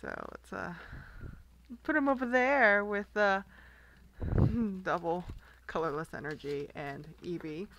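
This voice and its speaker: A woman's voice: on the low side, takes it slowly, a bit bright, slight background noise. A young woman casually chatting as she opens trading card packs, giggling often and reading card names aloud. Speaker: card collector vlogger. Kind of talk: casual unboxing chat.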